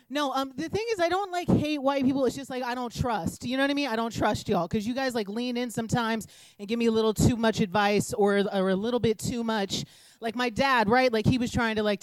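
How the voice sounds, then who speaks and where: A woman's voice: on the high side, fairly quick, dry recording, rough recording. Brash young female stand-up, profane and rambling, with a dry, close mic. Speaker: stand-up comedian. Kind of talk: stand-up comedy set. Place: comedy room with a live audience.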